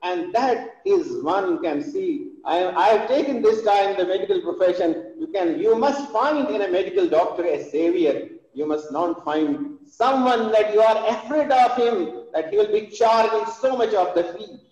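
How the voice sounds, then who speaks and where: A middle-aged man with an Indian English accent delivers an earnest, emphatic lecture, pausing on fillers and circling back over his words. His voice sits high for a man but has a soft, mellow tone. The sound is dull and lo-fi, carried on a long echo from a large hall. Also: expressive. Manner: earnest, emphatic, with frequent hesitations and repetitions. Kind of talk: formal lecture.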